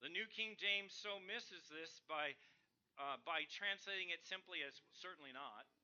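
A man preaching a sermon, moving emphatically between loud declarations and quieter asides. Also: sits high, measured pace, muffled recording.

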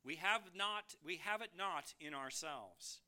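A man preaching a sermon from the pulpit, moving between emphatic rises and soft low drops, asking the congregation questions. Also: lively intonation, a little slow, clear, resonant tone. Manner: addresses listeners as beloved, asks them questions. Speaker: pastor.

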